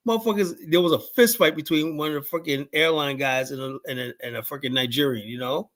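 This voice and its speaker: A man's voice: on the high side, fast, hardly any pauses. Profane, storytelling American man. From United States. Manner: profane, animated storytelling with quoted voices. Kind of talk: casual chat.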